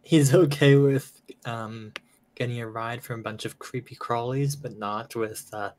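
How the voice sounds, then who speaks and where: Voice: medium pitch, measured pace, a little mellow, a little hiss or hum. A tabletop player in casual chat, asking questions and clarifying the scene.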